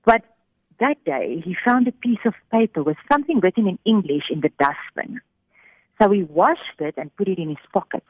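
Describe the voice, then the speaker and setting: A woman telling a faith story on the radio, animated, giving voice to the people in it. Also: medium pitch, normal speed, husky, no room sound. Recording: thin phone-like radio sound.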